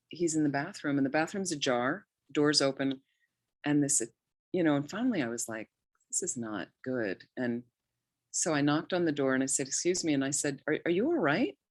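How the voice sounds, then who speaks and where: A woman's voice: low voice, normal speed, no room sound. A middle-aged woman, a Buddhist nun, giving an informal talk with personal stories, talking conversationally with frequent restarts. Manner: conversational, anecdotal, many restarts and quoted asides.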